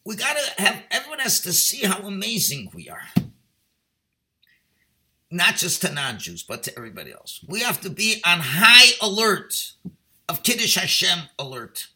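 A middle-aged man giving a Torah talk as a rabbi, passionate and exhorting, then easing into quiet, chatty storytelling, with Hebrew and Yiddish words mixed in. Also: sits high, huge pitch swings, moderate pace.

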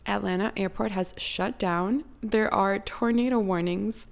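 A woman voicing a male airline captain who is calmly making a cabin announcement. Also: sits high, unhurried, vocal fry. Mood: announcing.

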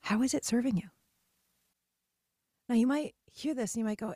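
Chatty animated woman podcast host. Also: fairly high pitch, normal speed, pauses often, no echo, studio quality. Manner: chatty and animated, acting out quoted voices. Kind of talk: casual solo podcast monologue.

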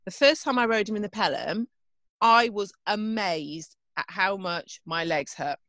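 A woman's voice: medium pitch, a little slow, a bit bright, no echo. A woman, co-hosting a casual chat and telling stories in a chatty, self-deprecating way. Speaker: podcast co-host and event rider.

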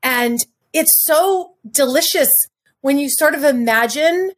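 A middle-aged woman, a podcast guest, talking effusively and rambling, a little stuffy from having cried. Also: high-pitched. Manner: effusive, rambling, quick bursts of speech. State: stuffy nose from crying. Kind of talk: casual interview chat.

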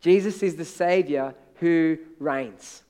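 A man preaching a sermon as pastor, reading hymn lines aloud and half-singing them, his loudness rising and falling. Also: a little high, slow, smooth. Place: church.

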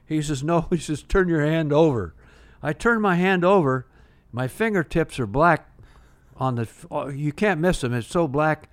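Here an older former pitcher tells long stories at normal speed in a casual interview, frequently starting over and dropping in "uh."

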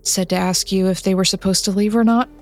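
A man's voice: high voice, steady tone, fast talker. A woman voicing an awkward, nervous young male vampire who stammers and trips over his words. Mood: timid. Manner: stammering, nervous, eager to help.

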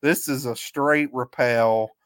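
Guy on a podcast walking thru the action, smooth clear voice, dry close sound, laughs a lot. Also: medium pitch, takes it slowly, no echo. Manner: relaxed play-by-play recap, chuckling often. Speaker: podcast co-host. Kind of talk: casual recap chat.

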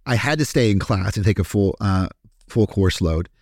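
A man's voice: fairly low pitch, moderate pace, darkish tone, dry recording, studio quality. A man from Kentucky with a Kentucky accent, a podcast guest telling his story in a candid, profane, casual way with many fillers.

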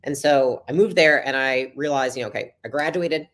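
A young adult woman, a podcast guest, telling her story in a casual, chatty interview and acting out the dialogue. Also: a bass voice. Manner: fast, chatty, acts out quoted dialogue.

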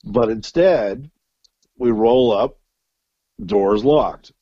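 A man's voice: mid-range voice, very slow, dry recording, muffled recording. A man telling a long, profane story as an interview guest, full of fillers and restarts. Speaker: guest musician. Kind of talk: casual storytelling.

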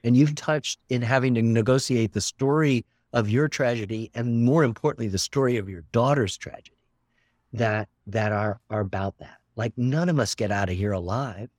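A man's voice: mid-range voice, normal speed, a little mellow, no room sound, studio quality. An older man, a documentary filmmaker, talking earnestly and expansively in an interview, often repeating words for emphasis. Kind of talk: reflective interview talk.

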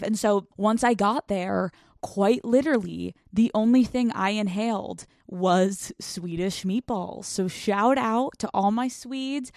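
A young woman hosts her podcast in a casual solo monologue. She is animated and jokey and swears freely as she tells stories. The recording is dry and close to the mic, with no room sound. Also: medium pitch, measured pace, few pauses, dry recording. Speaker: podcast host.

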